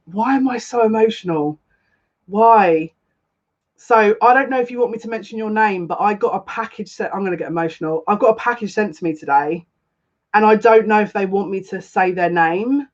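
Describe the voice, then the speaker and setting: A medium-pitched woman speaking at a moderate pace hosts her channel's psychic tarot live stream, chatting casually and greeting viewers one at a time. Close to tears, she gushes effusively, and the recording sounds a bit dull and lo-fi.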